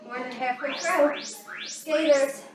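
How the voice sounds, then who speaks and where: Breathless woman instructor, high voice, slow delivery, calling moves mid-exercise; far from the mic in an echoey space with background music. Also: crowd noise. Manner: counts down and cues moves while working out. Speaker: fitness instructor. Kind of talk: workout coaching while exercising.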